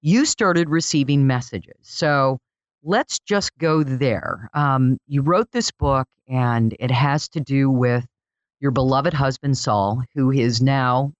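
Interview host, mid-pitched voice, easygoing hesitant phrasing, dull lo-fi recording. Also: slow, no echo. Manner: conversational, hesitant starts. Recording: dull lo-fi sound, dry.

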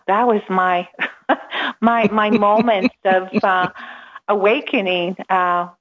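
A middle-aged woman telling a personal story in an animated way, slipping into voices for the people she quotes and laughing as she goes. Her pitch sits mid-range for a woman. The sound is dull and lo-fi, like audio from an online call. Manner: lively storyteller who acts out quoted dialogue and laughs often. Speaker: empowerment coach, guest. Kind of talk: storytelling in a remote interview.

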